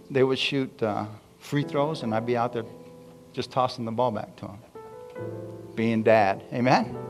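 A middle-aged man preaching with an animated, storytelling manner, his voice sitting at an ordinary middle pitch. He keeps calling out to the congregation between stories, while a guitar plays softly behind him. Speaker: pastor. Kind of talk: sermon storytelling.

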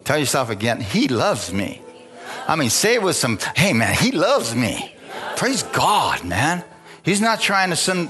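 A man's voice: fairly high pitch, a bit bright. Chuckling preacher man calling for amens. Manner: call-and-response preaching with frequent amens; conversational and chuckling. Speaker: pastor. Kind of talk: sermon.

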